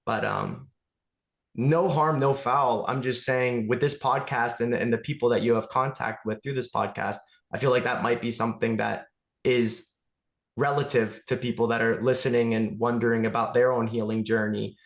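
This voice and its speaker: Male podcast guest, earnest and reflective, average pitch, roomy echo. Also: steady tone, moderate pace, vocal fry. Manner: earnest, reflective, thinking aloud. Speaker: guest, movement studio owner. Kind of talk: casual conversation.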